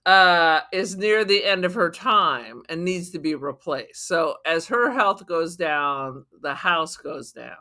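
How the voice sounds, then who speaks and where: A woman's voice: fairly low pitch, expressive, takes it slowly, hardly any pauses, bright, forceful tone. A woman co-hosting a podcast, talking bluntly and playfully about a horror film, with casual swearing. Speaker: podcast co-host.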